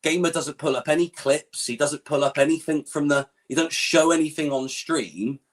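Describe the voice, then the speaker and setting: A man chatting on an online stream, animated and full of swearing, often mimicking other people as he talks. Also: on the high side, normal speed. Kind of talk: casual online stream chat.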